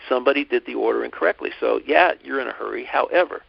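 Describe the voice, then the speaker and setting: A man co-hosting a podcast, calmly telling a personal story in casual chat, with many restarts and asides. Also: medium pitch, fast talker, gravelly, few pauses, slightly rough, dry recording. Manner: calm, reflective, lots of restarts and asides. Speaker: podcast co-host. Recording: dull lo-fi podcast audio.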